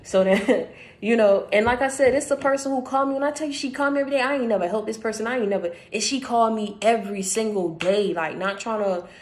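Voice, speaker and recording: A woman's voice: a little high, quick pace. A woman hosting her channel, giving a casual spiritual message in an emphatic, conversational way, repeating phrases for stress and speaking straight to the listener. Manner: conversational, addresses listener directly.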